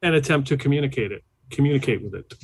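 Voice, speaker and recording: A man taking part as a player in a tabletop game, speaking deliberately and reading out a rule. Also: mid-range voice, expressive, a little hiss or hum, rough recording. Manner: deliberate, reads rules aloud.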